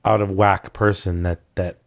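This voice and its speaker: A podcast host with a low, creaky voice talks at a normal speed with little rise or fall in pitch. The chat is casual and candid, and he rambles, often breaking off mid-thought to restart.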